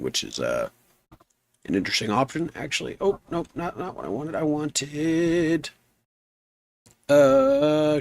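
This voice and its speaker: An easygoing man with a rough, gnarly voice chats as he plays a game live, rambling and answering his chat. His voice sits a little high for a man and is recorded dry and close. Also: fairly bright tone, no echo. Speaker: game streamer. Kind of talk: casual live-stream chat.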